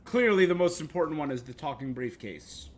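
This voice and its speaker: A man's voice: a little high, animated, fairly quick, slight background noise. A male streamer giving casual commentary on a game during a live stream, with dry, joking asides.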